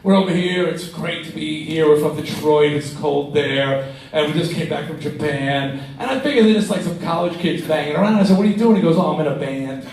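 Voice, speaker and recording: A man in his sixties telling stories on stage as a guest, animated and swearing freely, laughing as he talks. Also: on the high side, a little fast. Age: 60s. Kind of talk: profane live storytelling. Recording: echoey, distant live-room sound with faint noise.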